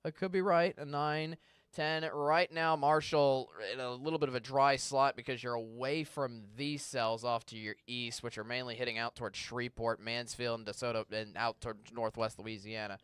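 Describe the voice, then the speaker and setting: Smooth-voiced TV weatherman in conversation. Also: mid-range voice, flat delivery, moderate pace, fairly bright tone, no room sound. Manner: conversational, reads viewer questions aloud; stumbles and restarts when searching for words. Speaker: meteorologist. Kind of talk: live weather Q&A. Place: TV station studio.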